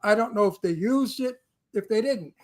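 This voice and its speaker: A woman's voice: mid-range voice, moderate pace. A woman, an actor guest, telling a blunt, brash story with cursing in casual chat.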